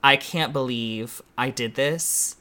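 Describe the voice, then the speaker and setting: Male drag podcast co-host, bright tone, campy and animated delivery. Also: mid-range voice, slow, clean tone. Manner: animated, campy, acts out quotes. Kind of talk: casual chat.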